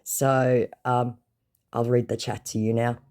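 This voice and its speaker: A woman's voice: rumbling low, level tone, slow pace, dark tone. A woman telling a story about a scam chat in a casual, sarcastic and mocking way. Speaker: scam-baiting content creator.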